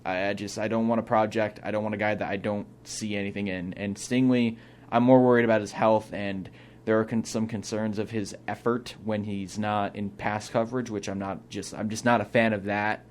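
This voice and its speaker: A man's voice: on the low side, fairly even intonation, normal speed, a little hiss or hum. A young man co-hosting a casual sports talk show from a small studio, thinking aloud with opinionated restarts. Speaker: co-host.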